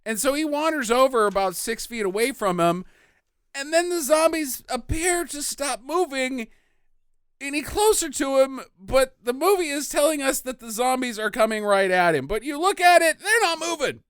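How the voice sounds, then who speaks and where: A woman's voice: high voice, lively intonation, normal speed, no room sound, clean studio sound. A woman co-hosting a podcast, chatting casually about a bad movie, laughing often and acting out quotes. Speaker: podcast co-host. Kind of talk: casual movie-riffing chat.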